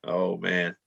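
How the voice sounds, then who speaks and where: A man's voice: sits low, creaky, bright, forceful tone, lo-fi sound. A man chatting casually with a friend on a video call, teasing and joking. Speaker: guest friend.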